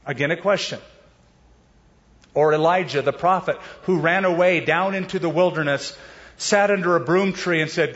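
Man, pastor, sermon, animated preaching, casual slang, acts out quoted voices, slightly high voice, dull lo-fi recording. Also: moderate pace. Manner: animated preaching, acting out quoted voices with big pitch jumps; casual slang mixed with scripture.

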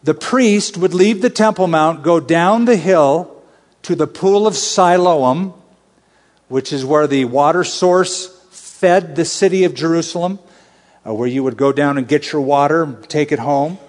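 A man's voice: a little high, measured pace, long reverb tail. A man teaching a Bible sermon in a conversational but emphatic way, building to urgent exhortations. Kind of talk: expository sermon.

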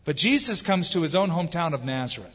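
A man preaches with an emphatic, drawn-out delivery. His voice sits a little high and rings through a long hall reverb. The recording is dull and lo-fi. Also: expressive, fairly bright tone, husky. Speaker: pastor. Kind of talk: sermon.

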